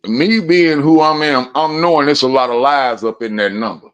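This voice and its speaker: A man in hosts a casual livestream, telling stories with loose, profane talk. His pitch sits in a middle range, neither high nor low. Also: moderate pace, clean tone. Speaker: livestream host. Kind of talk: casual chat.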